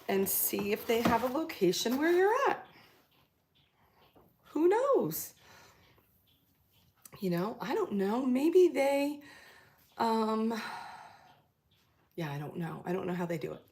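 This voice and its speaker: A woman's voice: medium pitch, a little mellow. A woman chatting casually with live viewers, rambling and chatty with lots of fillers, trailing off, and laughing easily. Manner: laughs easily while telling stories.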